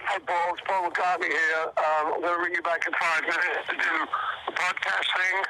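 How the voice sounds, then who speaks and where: A man's voice: fairly high pitch, level tone, moderate pace, close to an everyday voice. A man leaving a short, casual voicemail message, played back from a phone. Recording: phone voicemail playback, noisy.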